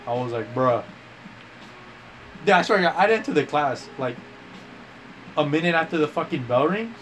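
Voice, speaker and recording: A man's voice: on the high side, animated, a little fast, pauses often, a bit bright, slight background noise, rough recording. Profane man telling rambling stories. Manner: profane, rambling anecdotes with slang like bro and dude; acts out quoted lines with voice changes. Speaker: storyteller among friends. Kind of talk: casual chat.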